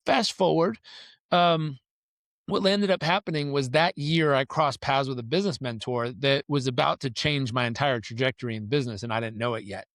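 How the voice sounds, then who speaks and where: A man telling stories as a guest on a podcast interview, lively and acting out the people in his stories. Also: medium pitch, moderate pace, dry recording, clean studio sound. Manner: animated storyteller who acts out the people in his stories.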